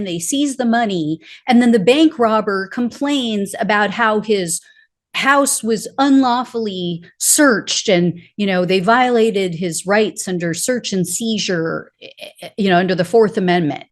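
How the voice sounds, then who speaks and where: A woman hosting her own political commentary show, talking in a sarcastic, mocking, animated way. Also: mid-range voice.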